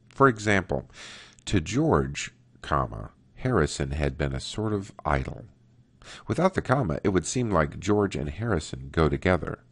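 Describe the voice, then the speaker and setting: Very deep, gravelly male instructor. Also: no room sound. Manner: slow, deliberate, reads example sentences aloud. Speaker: writing instructor. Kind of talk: recorded grammar lesson.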